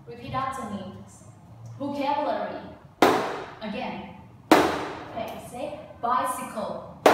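A woman teacher leads a classroom vocabulary drill, calling out words slowly and asking the class to repeat. Her voice sits a little high and is heard from across a reverberant classroom. Loud background noise runs under it all. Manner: slow, repetitive drilling with loud prompts. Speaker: English teacher. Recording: echoey classroom, distant mic, loud noise.

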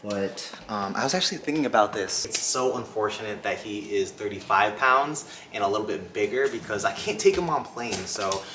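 A man's voice: normal speed, hardly any pauses, slight background noise. Chatty young man vlogging with his dog. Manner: relaxed, chatty, talks to his dog in a high excited voice. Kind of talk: casual vlog talk to camera.

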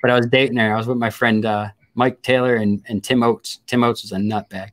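A man's voice: medium pitch, fairly even intonation, brisk. Crude, laughing man telling stories. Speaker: host. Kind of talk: casual storytelling chat.

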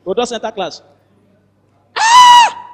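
High, lively Nigerian man telling a comic tale. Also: a little fast, big-room sound, very noisy. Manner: animated, switching into character voices and laughing. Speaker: comedian narrator. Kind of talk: comic storytelling skit.

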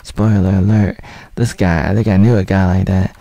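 A gravelly, low-pitched man in his thirties talks through a series in a loose, rambling way, leaning on fillers and trailing off mid-thought. His voice sits dark and mellow. The sound is dry and close, with no room around it. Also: fairly even intonation, moderate pace, no room sound. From United States (Oregon). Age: 30s. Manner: rambling, loose, full of "like" and half-finished thoughts. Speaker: video reviewer. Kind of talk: casual spoken review over footage.

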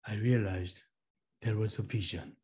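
A middle-aged man whose first language is Korean, a pastor giving a testimony in a slow, halting way, repeating phrases as he goes. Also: fairly low pitch, steady tone, a little mellow. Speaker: pastor and former missionary. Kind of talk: sermon-style personal testimony.

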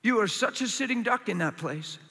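High-voiced, bright passionate male preacher. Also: lively intonation, a little fast, creaky, breathy edge, long reverb tail. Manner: passionate, acts out complaining voices in a higher pitch. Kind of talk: sermon. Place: large hall with an audience.

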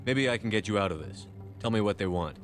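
An actor playing a male human space commander, firm, protective and steady. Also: fast, soft background music, lightly acted. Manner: firm, protective, low and even.

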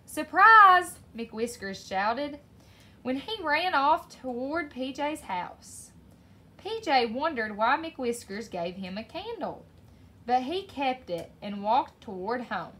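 Slow, sing-song woman reading a story. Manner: slow, expressive read-aloud with lively pitch. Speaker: story reader. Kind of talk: children's story read aloud.

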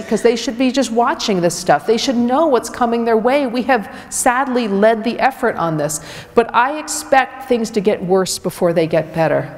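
A woman physician delivers a public health talk in a direct, emphatic, conversational way. Her pitch sits in an ordinary middle range. The recording carries a long reverb that rings through a large hall. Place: community event hall.

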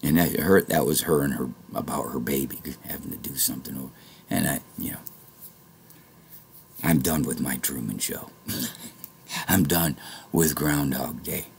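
A man vlogging a rambling monologue to his viewers, swinging from low muttering to angry shouting and swearing often. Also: a little slow, creaky, long pauses, slight background noise.

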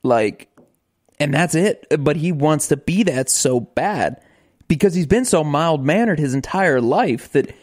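A man's voice: fairly high pitch, lively intonation, measured pace, a little mellow. A man co-hosting a casual podcast, talking animatedly, repeating words and talking over his partner, also reading the ad. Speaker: podcast co-host. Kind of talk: casual podcast chat and host-read ad.

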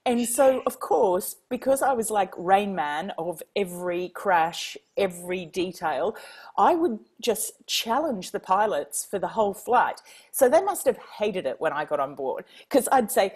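An Australian woman from Queensland, a guest author telling lively stories, laughing often and acting out quoted dialogue. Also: mid-range voice, measured pace, husky. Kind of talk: casual storytelling.

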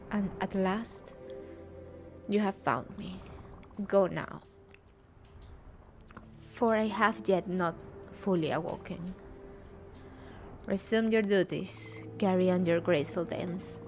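A woman voicing a solemn shadow spirit that has lurked unseen, speaking slowly and gravely. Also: mid-range voice, darkish tone, voice pushed down. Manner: slow, grave, measured reading.

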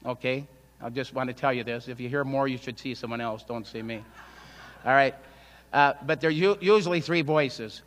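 A man's voice: medium pitch, normal speed, a bit bright. A man preaching a sermon as pastor. He speaks conversationally and asks the congregation rhetorical questions. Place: church sanctuary. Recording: long church hall reverb.

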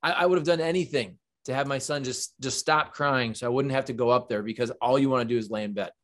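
A man in his thirties co-hosting a sports podcast, with an everyday mid-range voice. He talks in a relaxed, rambling, conversational way about games and bets. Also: medium pitch, quick pace. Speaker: podcast co-host. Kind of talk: casual sports betting chat.

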